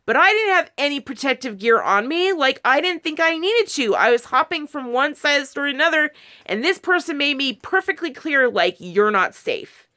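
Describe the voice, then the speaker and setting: A woman's voice: high voice, expressive, brisk, bright, forceful tone. A married woman talking casually to camera, rambling through a personal story with many restarts and quoted asides. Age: adult, married. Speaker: video creator.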